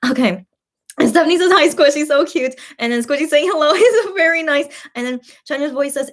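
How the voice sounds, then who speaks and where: A bubbly young woman talks her way through a home mukbang live stream, chatty and loose with lots of fillers. Her voice sits a little high, and she reads her viewers' comments aloud between bites. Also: expressive, brisk. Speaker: mukbang vlogger. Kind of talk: casual live-stream chat.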